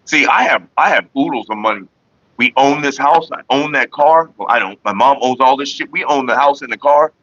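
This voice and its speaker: A man's voice: medium pitch, brisk, sharp tone, dry recording, lo-fi sound. A man hosting a casual livestream, talking bluntly and profanely straight to his viewers. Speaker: livestream host.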